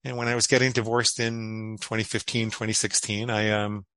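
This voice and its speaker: Bright-voiced middle-aged man telling a story. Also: on the low side, normal speed, clean tone, dry recording, poor audio. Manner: animated, acts out quoted inner dialogue. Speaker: guest psychologist. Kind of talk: storytelling interview answer.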